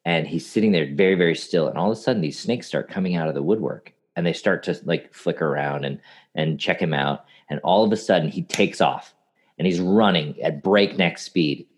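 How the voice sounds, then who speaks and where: A man in casual podcast conversation who tells animated anecdotes and gives advice to clients. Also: sits low, fairly quick.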